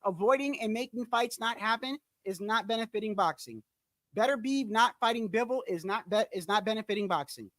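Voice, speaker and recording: A man's voice: high-pitched, a little fast, a bit bright, no echo. Blunt, emphatic man ranting about boxing. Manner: emphatic, repetitive, blunt and profane; addresses viewers directly, often says "bro". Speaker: boxing channel host. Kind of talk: casual boxing commentary rant.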